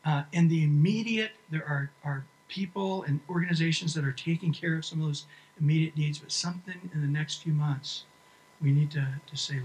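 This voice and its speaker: A man's voice: fairly high pitch, brisk, darkish tone, poor audio. A man preaching a sermon to his church, earnest, often repeating and restarting his words. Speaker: pastor.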